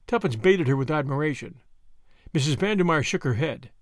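Male podcast storyteller, expressive audiobook narration, high-ish voice, dry studio sound. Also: fairly quick, dry recording. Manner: expressive, dramatic reading.

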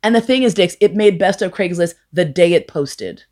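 Profane, animated woman storyteller with a lower voice. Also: moderate pace. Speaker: storyteller guest. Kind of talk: live bawdy storytelling.

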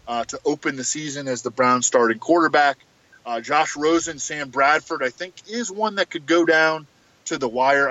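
A man giving fantasy football analysis on a podcast, measured and full of filler words. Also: medium pitch, bright, forceful tone, dry recording, muffled recording.

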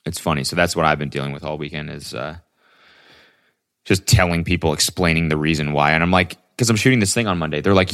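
Low-voiced dude rambling on his podcast, tons of likes and you-knows, swears a lot. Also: fast, fairly bright tone, clear, resonant tone. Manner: rambling, profane, lots of fillers. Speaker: podcast host. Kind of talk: casual solo podcast monologue.

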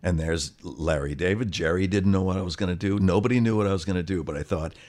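Man telling an animated story. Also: sits low, fast. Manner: animated storyteller, acts out quoted voices. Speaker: actor guest. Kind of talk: conversational anecdote.

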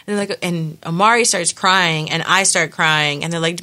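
Young woman guest, lively storyteller, bright forceful voice, slightly low pitch. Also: normal speed, few pauses. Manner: animated storytelling with many fillers. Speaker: podcast guest telling her birth story. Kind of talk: casual chat.

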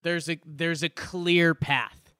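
A man co-hosting a sports podcast, excitable and joking in tone. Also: on the high side, takes it slowly, clear, resonant tone, no echo, clean studio sound. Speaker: podcast co-host. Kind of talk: casual sports podcast chat.

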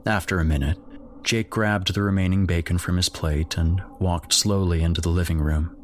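Deep-voiced man narrating a horror story. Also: steady tone, normal speed, a little hiss or hum.

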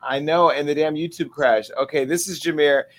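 A man's voice: on the high side, fairly even intonation. Chatty gossiping male talk show host. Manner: chatty, gossipy, quick asides. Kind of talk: casual call-in chat.

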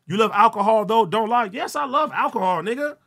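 A man hosting a solo livestream, talking loud and profane with frequent laughter. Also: high voice, lively intonation, brisk, vocal fry. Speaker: livestream host. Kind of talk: casual solo livestream chat.

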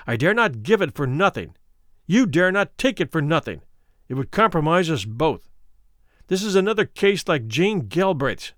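Man playing a ruthless worldly doctor, coolly persuasive, condescending, lively pitch, storybook reading. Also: normal speed, no room sound, studio quality.

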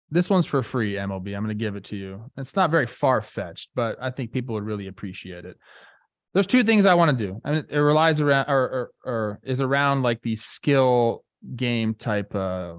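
Male co-host, middle pitch, relaxed and eager, chatty with fillers, dry close mic. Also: normal speed, no echo. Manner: relaxed, enthusiastic, many fillers like "like". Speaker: podcast co-host, former player. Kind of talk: casual sports talk.

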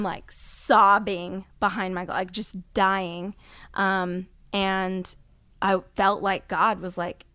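A woman telling a heartfelt personal story in a studio interview, dropping to hushed tones when she quotes others. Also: medium pitch, level tone, unhurried, clean tone, dry recording. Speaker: guest author.

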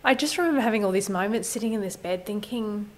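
A woman in her thirties telling a personal story candidly, often softening to a near whisper. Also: medium pitch, lively intonation, fast, poor audio.

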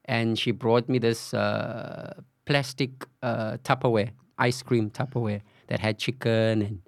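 In a clean, dry studio recording, a middle-aged man from South Africa's Cape Flats speaks at a measured pace in a steady, creaky, medium-pitched voice. As a podcast guest he candidly recounts events, performing the quoted dialogue and dropping frequent "you know"s.

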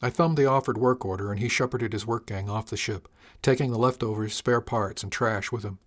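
A man reading a first-person story aloud in a steady, measured storytelling manner. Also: on the low side. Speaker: audiobook narrator. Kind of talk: first-person scripted narration.

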